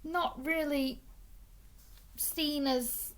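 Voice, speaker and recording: A woman's voice: high voice, fairly even intonation, drawn-out words. A young woman explaining things in a casual, chatty way, often stumbling and restarting words, with the hiccups. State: has the hiccups. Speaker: vlogger.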